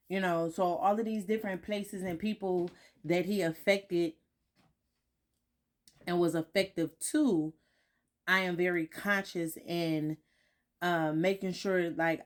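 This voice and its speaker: A woman vlogging at home in a candid, reflective way, often repeating herself and checking in with "right?". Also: on the low side. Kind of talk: casual reflective talk to followers. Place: home, morning.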